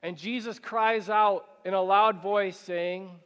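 A male pastor preaching a sermon, asking rhetorical questions and slowing down and rising in pitch when he reads scripture. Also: steady tone, fairly bright tone, clean tone. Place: church sanctuary. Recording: church hall with long reverb.

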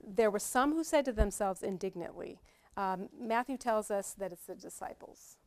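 A woman's voice: medium pitch, moderate pace. Woman teaching a Bible study. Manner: chatty, animated, laughs often.

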